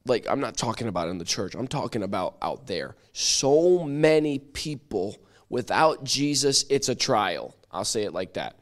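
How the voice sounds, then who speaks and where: A man teaching a church Bible study, conversational and lively, acting out little quoted voices as he explains. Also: mid-range voice, moderate pace, few pauses.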